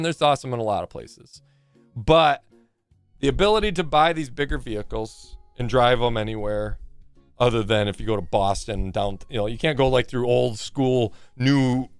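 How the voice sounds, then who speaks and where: Smooth-voiced man in casual stream chat. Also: mid-range voice, no echo. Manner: rambling, profane, joking. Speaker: live game streamer.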